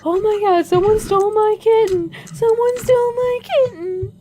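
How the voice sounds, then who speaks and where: A woman putting on a frantic, screaming female tenant in a very high voice while telling a story. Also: normal speed. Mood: hysterical. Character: hysterical shrieking woman tenant.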